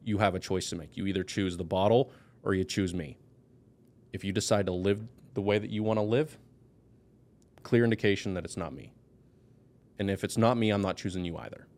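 Male podcast guest, lowish voice, intense and blunt, raw personal storytelling. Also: steady tone, fairly quick, pauses often, a little mellow. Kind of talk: candid personal conversation.

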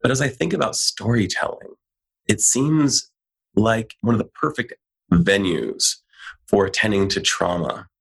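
A man hosting a podcast, asking thoughtful, measured questions in a low voice. His tone is gravelly, with a husky edge. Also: a bit bright. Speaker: podcast host. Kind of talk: conversational podcast interview.

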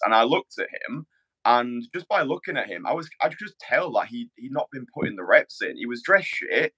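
A man coaching on a podcast in a mid-pitched voice, loose and blunt. He swears freely and trips through restarts and fillers as he makes his point. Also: sing-song, fairly quick, pushed and bright, breathy edge. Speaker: dating coach, podcast host. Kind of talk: casual podcast chat.

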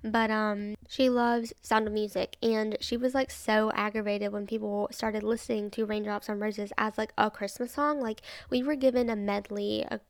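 A woman's voice: mid-range voice, steady tone, normal speed, few pauses, dry recording, studio quality. A young woman hosting a podcast episode, chatting casually and rambling through her opinions with lots of fillers and laughter. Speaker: podcast host.

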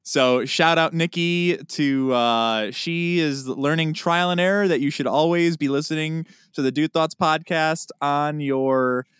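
A man co-hosting a podcast in casual chat, telling stories with loud acted-out outbursts. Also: fairly high pitch, measured pace, hardly any pauses, clean tone, no room sound, clean studio sound. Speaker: podcast co-host.

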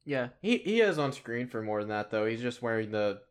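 A man's voice: medium pitch, very animated, brisk, clean tone. A man in a casual podcast chat who laughs a lot and often stops to restart his sentences. He acts out quotes as he talks. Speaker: podcast co-host.

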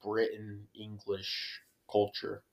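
A man's voice: lowish voice, monotone, takes it slowly, echoey room. Podcast co-host, a man who mocks in crude banter, with a crowd audible behind him. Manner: mocking, profane.

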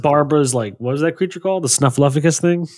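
A man's voice: fairly high pitch, fast talker, darkish tone, no room sound, studio quality. A man co-hosting a podcast, talking casually and laid-back, with frequent swearing and laughter. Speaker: podcast co-host. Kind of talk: casual chat.

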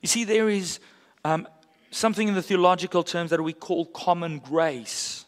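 A pastor preaching a sermon in an earnest, conversational way with casual asides. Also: male voice, high-pitched, normal speed, big-room sound. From South Africa.

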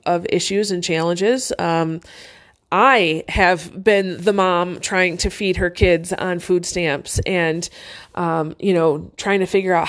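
Chatty earnest woman telling a story. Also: on the low side. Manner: chatty, full of fillers and restarts, earnest. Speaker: vlogger telling a personal story. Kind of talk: casual storytelling.

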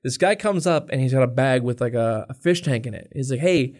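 A man's voice: medium pitch, a little fast, darkish tone. Give me a young man venting with a casual curse-laden story, imitating the people he talks about. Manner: profane, exasperated storytelling, acts out customers. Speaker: podcast co-host. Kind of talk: casual podcast chat.

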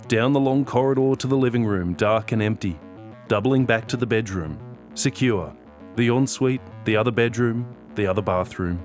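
A man reading a novel-length audio story as narrator, measured and dry. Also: medium pitch. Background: guitar music.

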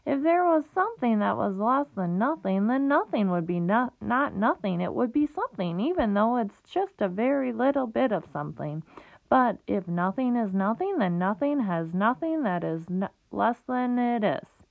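A woman's voice: fairly high pitch, sing-song, normal speed, creaky, no room sound. A woman doing a whiny lonely young pig. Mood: plaintive. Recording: tinny phone-like recording.

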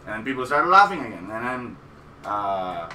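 A man's voice: lowish voice, moderate pace, crowd noise. Rambling storyteller man, roomy distant sound. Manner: rambling, animated storytelling with laughs. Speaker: comedian telling a story. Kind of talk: casual chat. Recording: roomy, distant mic with background noise.

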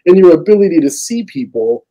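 A man's voice: a little high, lively intonation, a little fast, dark tone, poor audio. A man in casual podcast conversation, talking earnestly and profanely, rambling with lots of "like".

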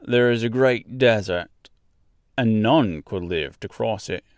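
A man voicing a small grave villager in a storybook reading, giving slow, earnest warnings. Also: lowish voice, dry recording, studio quality.

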